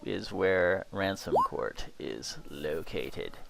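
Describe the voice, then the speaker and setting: A man running a tabletop horror game as game master, describing scenes in an unhurried way with many fillers. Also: sits low, lively intonation, vocal fry, very noisy.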